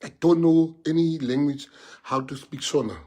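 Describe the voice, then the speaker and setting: A man's voice: fairly high pitch, steady tone, normal speed, darkish tone. A middle-aged South African man with a South African accent, giving an impassioned speech and often repeating and restarting phrases to press his points. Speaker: public speaker.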